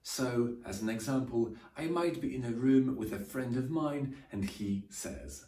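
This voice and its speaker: A man teaching everyday slang, speaking clearly and modelling phrases for learners to repeat. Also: medium pitch, a little slow, hardly any pauses, warm tone, roomy sound, recorded from a distance. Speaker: English teacher. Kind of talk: English lesson explaining slang.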